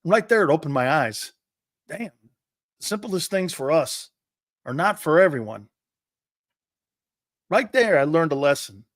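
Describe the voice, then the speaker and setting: A middle-aged man hosting a sports talk show, a brash, loud storyteller who acts out the quotes. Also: a little high, big pitch swings, a little slow, pauses often, dry recording, studio quality.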